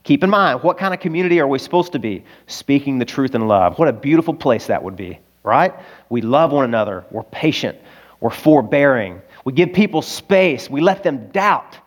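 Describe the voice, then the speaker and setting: An Arkansan male pastor preaching a sermon in an earnest, confessional storytelling voice. His pitch sits in the middle, and he swings between quiet admissions and loud, emphatic peaks. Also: animated, moderate pace.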